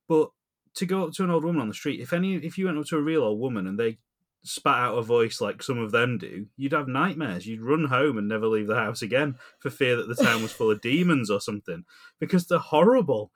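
Male podcast co-host, casual rambling chat, animated, mid-pitched voice. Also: a little fast. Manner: rambling, animated, laughs often.

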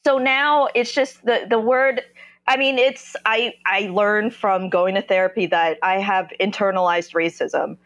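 A woman from New Jersey, a podcast guest, telling her personal story candidly in a halting way, often stopping and restarting as she searches for words. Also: medium pitch, fairly even intonation, fairly bright tone.

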